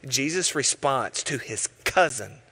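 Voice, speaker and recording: Male pastor, sermon delivery, bright voice, animated storyteller who drops to quiet intensity. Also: medium pitch, a little slow, slightly rough. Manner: animated storytelling, acting out voices, dropping to hushed tones.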